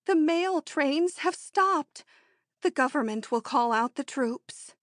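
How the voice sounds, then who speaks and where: A woman's voice: sits high, expressive, no echo, clean studio sound, pitched above the performer's own voice. A woman doing a bold young heroine. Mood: eager. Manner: brisk, quietly triumphant. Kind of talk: audiobook character reading.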